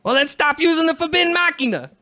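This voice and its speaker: Brief: zealous young male islander preacher, mock Caribbean accent, pitched high, a man putting it on. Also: lively intonation, fast talker, bright, forceful tone, full character voice. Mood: preachy. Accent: mock Caribbean put-on.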